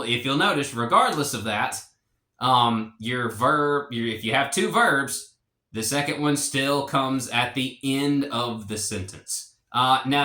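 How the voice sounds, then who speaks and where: A man explaining a language lesson in a relaxed, rambling way, with fillers and restarts. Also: medium pitch, roomy sound. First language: English. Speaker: language teacher.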